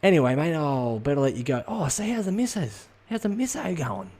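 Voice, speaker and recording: A man voicing a chatty dad who swears while greeting a workmate, in a high, breathy, half-whispered voice. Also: big pitch swings, a little fast, a little mellow. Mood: chummy.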